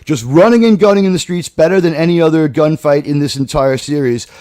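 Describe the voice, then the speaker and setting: A man's voice: a little high, brisk, mellow, no room sound, clean studio sound. A man talking in a casual podcast discussion, rambling with frequent restarts while he searches for names. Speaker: podcast panelist.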